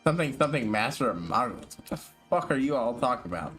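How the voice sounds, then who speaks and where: A man's voice: medium pitch, big pitch swings, fast talker, fairly bright tone, soft background music. A man streaming a video game, chatting casually, often swearing and stumbling over his words. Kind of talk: casual gaming commentary.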